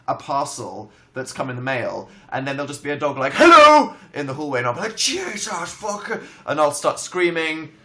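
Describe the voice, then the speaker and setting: A young Englishman chats casually on a livestream from home, his pitch leaping all over the place. His bright, forceful voice suits his dramatic, self-mocking storytelling. He talks as if he is with friends. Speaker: livestream host. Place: home, indoors.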